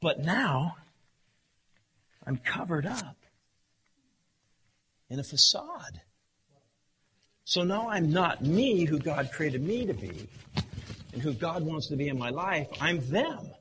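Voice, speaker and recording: A man preaching a sermon, acting out his points dramatically, swinging from hushed tones to shouting. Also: fairly high pitch, sing-song, slow pace, pauses often. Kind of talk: sermon with acted illustration.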